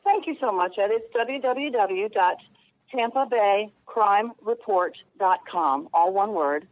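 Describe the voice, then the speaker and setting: Woman journalist on a tinny phone line. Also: mid-range voice. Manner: earnest, halting, heartfelt. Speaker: journalist guest. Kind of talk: phone-in radio interview.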